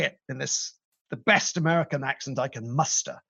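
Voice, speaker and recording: Gravelly British man, animated storyteller. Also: medium pitch, normal speed, dull audio. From Britain. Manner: animated storyteller, playful asides. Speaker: company CEO, guest. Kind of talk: conversational interview.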